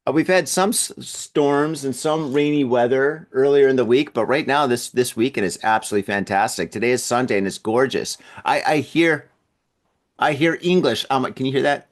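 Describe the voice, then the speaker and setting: A man's voice: mid-range voice, moderate pace. A man hosting his own podcast in casual solo chat, easygoing and chatty, often laughing at himself as he talks. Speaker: podcast host. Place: at home in an apartment building.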